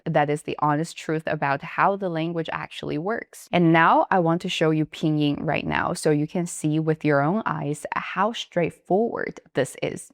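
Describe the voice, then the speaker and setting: Woman, low register, earnest language teacher; clear, drawn-out tone demonstrations; dry close mic. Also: no echo. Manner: slow, exaggerated demonstration of tones; earnest, emphatic rhetorical delivery. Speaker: Mandarin teacher. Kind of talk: scripted video lesson.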